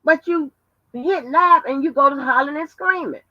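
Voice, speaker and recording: On a dull, lo-fi livestream with no room sound, a woman broadcasting from home tells stories emphatically and with plenty of profanity. Her voice is high-pitched and moves at normal speed.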